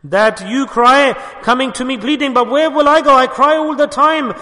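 Devoted wife, voiced by a male preacher, quiet and tender, high bright tone, hall echo. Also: moderate pace. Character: gentle devoted wife, hurt yet loving. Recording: long hall reverb.

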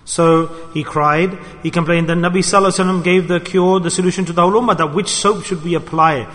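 A man's voice: sits high, steady tone, fast talker, fairly bright tone. A man preaching a sermon with passion, repeating his key phrases for emphasis. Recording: long hall reverb.

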